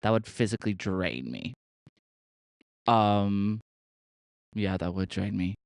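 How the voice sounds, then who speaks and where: A man's voice: lowish voice, expressive, slow, creaky, no echo. Gushing young man podcast host. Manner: chatty and gushing, full of "like" and swearing. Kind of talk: casual chat.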